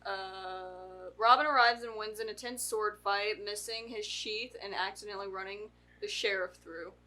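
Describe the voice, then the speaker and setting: A woman's voice: medium pitch, fairly even intonation, moderate pace, pushed and bright, low-quality recording. A teenage girl co-hosting a movie podcast, reading the plot summary aloud and breaking off to joke with her family. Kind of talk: casual chat with read-out plot summary.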